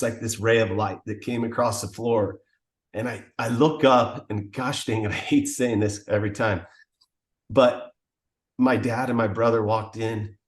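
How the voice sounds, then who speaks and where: A man's voice: lowish voice, roomy sound. Earnest man sharing his testimony. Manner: earnest, emotional storytelling. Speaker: podcast guest. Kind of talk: personal testimony.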